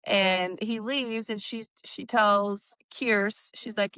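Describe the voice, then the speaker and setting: A woman co-hosting a book discussion podcast, recapping chapters in an unhurried way with plenty of fillers. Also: medium pitch, fairly even intonation, pushed and bright, clear, resonant tone, dry recording. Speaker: podcast co-host.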